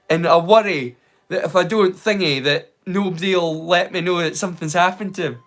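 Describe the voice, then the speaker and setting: A man's voice: high-pitched, moderate pace, fairly bright tone. A Scottish man hosting a live watch-along stream. He chats casually, rambling, swearing and poking fun at himself. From Scotland. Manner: rambling, sweary, self-mocking.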